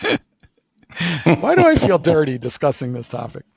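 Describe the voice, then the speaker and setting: A man from Philadelphia tells an animated story in casual conversation, stumbling over repeated "like"s and restarts as he gets going. His voice sits a little on the higher side, and the recording is close and dry, with no room sound. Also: a little slow, gravelly, husky, dry recording.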